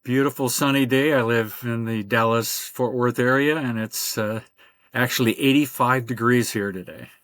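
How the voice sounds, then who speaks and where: An older man speaks as a podcast guest, his voice sitting at an ordinary middle pitch. He rambles through long stories, padding them with fillers and restarts. The sound is close and dry, with no room echo. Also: normal speed, fairly bright tone. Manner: rambling storyteller with many fillers. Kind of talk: conversational interview.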